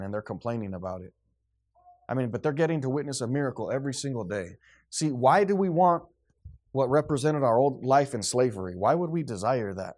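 A man's voice: medium pitch, lively intonation, a little fast, a little mellow. A man preaching a sermon, building up with rhetorical questions and acted-out quotes. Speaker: pastor.

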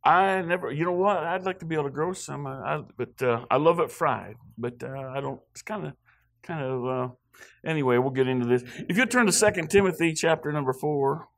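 A man's voice: on the high side, a little fast, gravelly. A guest preacher from Wyoming, a man rambling with joking asides in a church sermon before reading scripture.

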